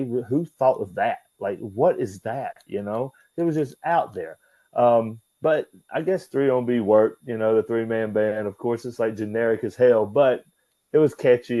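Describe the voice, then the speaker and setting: A man's voice: on the low side, normal speed, warm tone, no echo. A man who used to wrestle, talking as an interview guest in a loose, swearing style, laughing as he tells his stories. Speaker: guest, former pro wrestler. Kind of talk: casual interview storytelling.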